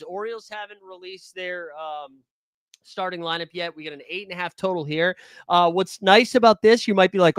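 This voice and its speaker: A man's voice: fairly high pitch, a little fast, no room sound, studio quality. A young man hosting a live fantasy sports stream, talking casually and jokily with lots of filler words. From New England.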